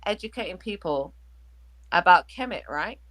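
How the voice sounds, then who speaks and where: A woman's voice: fairly low pitch, expressive, moderate pace, fairly bright tone. A British woman calling in to a live discussion, challenging the host with sarcastic, pointed questions. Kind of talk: heated live debate.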